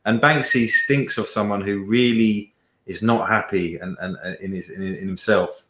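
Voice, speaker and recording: A man on an online panel, talking in a rambling, lively way and pressing his points. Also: on the low side, normal speed, echoey room. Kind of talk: casual online debate.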